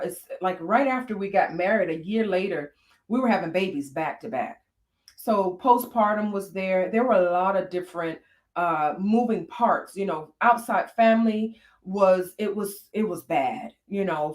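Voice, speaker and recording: A woman's voice: medium pitch, darkish tone, roomy sound. A woman co-hosting a candid conversation about marriage, telling personal stories. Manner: reflective, storytelling with frequent fillers. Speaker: podcast co-host.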